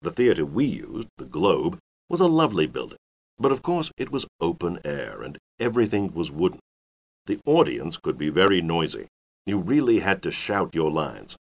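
A man voicing an older male Elizabethan playwright who recalls his days in the theater, in a measured, reflective way for a scripted listening exercise. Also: low-pitched, big pitch swings, exaggerated voice. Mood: reminiscing. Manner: measured, reflective first-person reminiscing.

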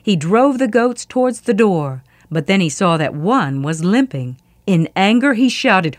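A woman reading a myth aloud as a storyteller, expressive and vivid. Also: medium pitch, measured pace, few pauses, no echo, studio quality.

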